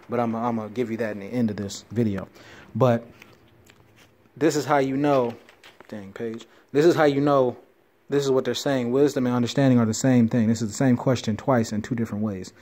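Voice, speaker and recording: Excitable man teaching scripture. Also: medium pitch. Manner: reads verses slowly then explains them excitedly, with asides and self-corrections. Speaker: bible teacher. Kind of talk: informal scripture teaching video.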